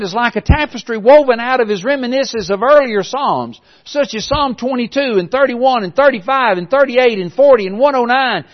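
A man preaching a sermon in an earnest, measured way, reading scripture aloud and explaining it. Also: high-pitched. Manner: earnest and measured, with occasional restarts. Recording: dull lo-fi recording.

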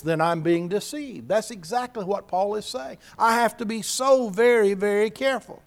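A man preaching a sermon, earnest and repeating key phrases for emphasis. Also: sits high.

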